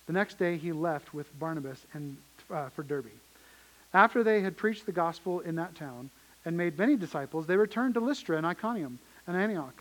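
A man's voice: high voice, low-quality recording. A man preaching a sermon as pastor, earnest and emphatic, often repeating his phrases.

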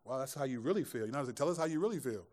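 A man's voice: medium pitch, expressive, rapid-fire, darkish tone. A man pastor giving a sermon to a live congregation in a conversational style, mixing scripture with jokes and asides. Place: church room with a live audience.

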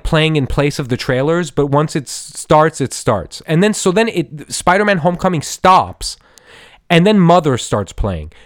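A man hosting his own podcast, reviewing a film in a rambling, excited monologue with frequent restarts and casual swearing. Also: fairly high pitch, no echo, studio quality. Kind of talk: casual solo movie review. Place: Los Angeles area.

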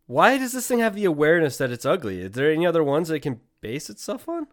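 A man's voice: on the high side, huge pitch swings, fast talker, fairly bright tone. A man co-hosting a comedy podcast, chatting casually, incredulous and profane, laughing often. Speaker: podcast co-host.

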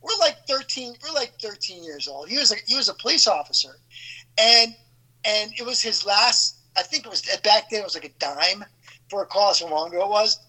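A man in his fifties telling a story in casual chat as a podcast host, animated and acting out quoted voices. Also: high-pitched, brisk, rough recording. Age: 50s.

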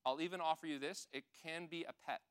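A man giving a gentle, conversational sermon, talking to the children and the adults in the congregation. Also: fairly high pitch, fairly even intonation, fast, clear, resonant tone. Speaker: pastor. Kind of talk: children's sermon with audience participation.

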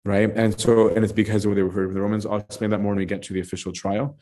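A man's voice: lowish voice, fairly even intonation, rapid-fire, hardly any pauses, mellow. A man leading an informal bible study, talking conversationally and often checking in with "right?" and filler words. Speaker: teacher of a scripture study.

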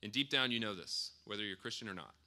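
A man in his thirties preaching, his voice very bright and forward. He talks to the congregation casually, slipping in fillers and restating his points as he goes. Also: lowish voice, animated, fast talker. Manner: conversational, with frequent fillers and self-corrections. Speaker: pastor. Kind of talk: sermon.

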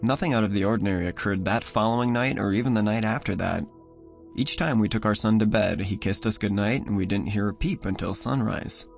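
A man narrating a first-person horror story in a measured, somber way. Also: fairly low pitch, gravelly. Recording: voice over soft music.

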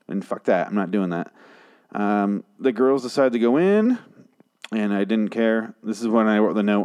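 A man hosting a show, recapping a TV episode in a casual, profane, exasperated monologue, with sarcastic asides and quick jokey voices for the characters. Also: on the low side, darkish tone, clear, resonant tone. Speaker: podcast host reviewing a TV episode.

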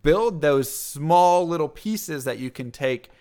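A man talking in a casual conversation, energetic, often checking in with "right?" and acting out little quoted lines. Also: a little high, takes it slowly, clear, resonant tone.

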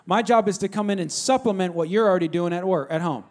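Male pastor, slightly high voice, conversational and emphatic sermon delivery. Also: quick pace. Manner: repetitive, emphatic, conversational, calls to the congregation.

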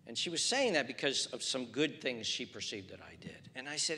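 A male pastor delivering an impassioned sermon to a seated congregation, dropping to hushed appeals. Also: medium pitch, very animated, fairly quick, hardly any pauses, a little hiss or hum. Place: church hall before a seated congregation. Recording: long hall reverb.

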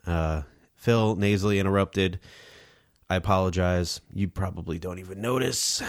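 Man, podcast host, nasal stuffy voice, low pitch, chatty, self-deprecating, dry close sound. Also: normal speed, no echo. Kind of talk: casual solo podcast talk. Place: home recording setup in New Jersey.

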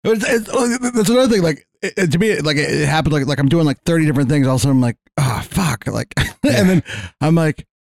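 A man's voice: on the high side, quick pace, creaky, no room sound. A man co-hosting a podcast, telling rambling stories in casual chat and swearing freely. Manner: swearing, rambling animated storyteller. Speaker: podcast co-host.

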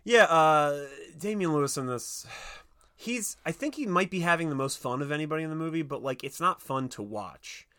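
A man's voice: on the high side, expressive, moderate pace, a bit bright. A man co-hosting a podcast, chatting about movies in a rambling, jokey, crude way. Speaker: podcast co-host. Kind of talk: casual movie chat.

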